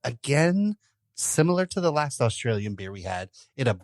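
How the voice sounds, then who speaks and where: A man's voice: medium pitch, very animated, normal speed, darkish tone, no room sound. A man co-hosting a podcast in casual chat, dry and descriptive as he tastes a beer. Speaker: podcast co-host.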